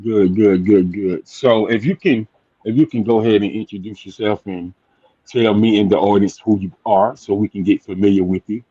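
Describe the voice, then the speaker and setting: Low-voiced male host, muffled dry audio. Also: normal speed, no echo. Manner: repetitive affirmations, relaxed. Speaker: talk show host. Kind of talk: casual interview hosting. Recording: dull lo-fi, dry sound.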